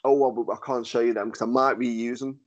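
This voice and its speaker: Man, podcast host, nasal voice, monotone delivery, easygoing, sweary. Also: mid-range voice, brisk, muffled recording. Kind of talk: casual chat.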